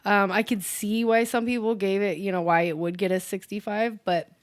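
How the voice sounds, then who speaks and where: A woman's voice: medium pitch, fairly even intonation, normal speed, dry recording, studio quality. Chatty young woman reviewing a horror film. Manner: chatty, with many filler ums. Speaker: co-host. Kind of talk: casual movie review chat.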